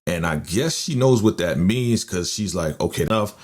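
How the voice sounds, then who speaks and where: A man hosting a casual TV episode recap, telling the plot in a loose, animated way and quoting the characters in quick voice shifts. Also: low-pitched. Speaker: TV recap host. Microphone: podcast microphone.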